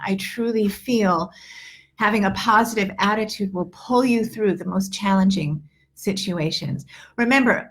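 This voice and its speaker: A woman's voice: mid-range voice, breathy edge. A woman in her fifties, an English teacher and accent coach, giving a chatty, earnest live online lesson with many fillers and restarts. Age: 50s.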